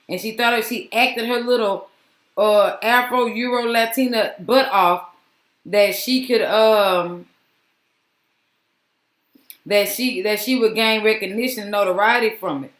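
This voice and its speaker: A woman's voice: on the high side, fairly bright tone, echoey room. A woman vlogger giving casual, exasperated commentary that rambles with many restarts.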